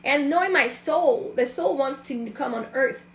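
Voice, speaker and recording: A woman in her thirties hosts a show, unhurriedly sharing a candid personal reflection in a high, bright voice. She's chatty and loose, full of fillers and voiced inner thoughts, and the recording has a noticeable roomy echo.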